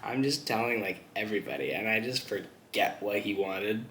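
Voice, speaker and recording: A mukbang vlogger eats while telling a rambling story, laughing often and swearing freely in casual storytelling. His lowish voice is bright and forceful at a moderate pace. The room sounds echoey, with slight background noise.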